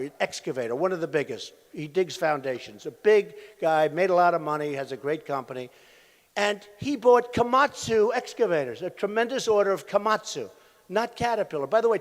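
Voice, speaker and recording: At a big rally, a man in his sixties running for president addresses the crowd from a podium in a fairly high-pitched voice. His campaign speech wanders through anecdotes, with repetition and asides to the audience, all ringing with the long echo of the venue.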